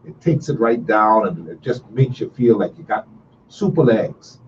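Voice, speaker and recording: A man's voice: on the low side, sing-song, normal speed, far from the mic, muffled recording, a little hiss or hum. A middle-aged man, hosting a casual call-in radio talk show with a folksy, repetitive, storytelling manner.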